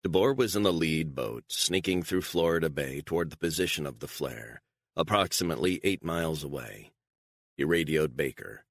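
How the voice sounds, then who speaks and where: A man narrating a spy thriller audiobook in a measured, even reading. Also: a bass voice, dry recording, clean studio sound. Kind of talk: scripted narration.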